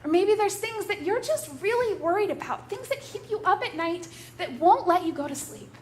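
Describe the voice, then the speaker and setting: A woman's voice: very high voice, expressive, normal speed, a little hiss or hum. A woman pastor giving a conversational sermon in a church, telling a story in a relatable way.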